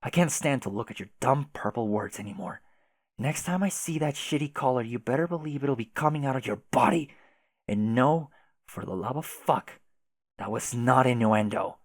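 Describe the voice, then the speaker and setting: Brief: a furious, foul-mouthed young troll boy who yells and swears, read out by a man, dry close sound. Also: mid-range voice, animated, moderate pace, no room sound, natural voice. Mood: angry. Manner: shouty, insulting, swears constantly. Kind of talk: reading a webcomic chat aloud.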